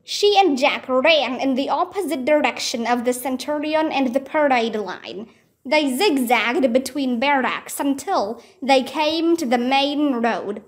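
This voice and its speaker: Reading from a children's book, this Vietnamese-speaking woman keeps a measured pace and a lively lilt. When characters speak, she performs their lines in a higher pitch.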